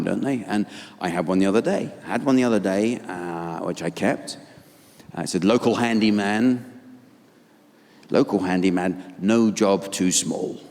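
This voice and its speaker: A man with an English accent doing live stand-up comedy in a deadpan, sardonic manner on a stage mic. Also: on the low side, gravelly. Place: theater stage. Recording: reverberant live venue, audience noise.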